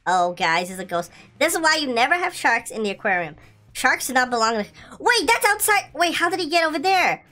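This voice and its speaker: A young woman giving excitable, giggly commentary while playing a video game. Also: sits high, moderate pace, faint music behind. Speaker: gaming channel host.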